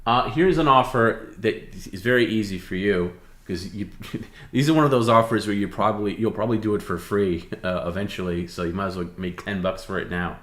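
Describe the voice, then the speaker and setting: A man with a fairly low but bright, forceful voice reads viewer offers on a live stream. He is patient and coaxing. The room around him sounds echoey. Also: a little fast. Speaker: co-host reading viewer offers.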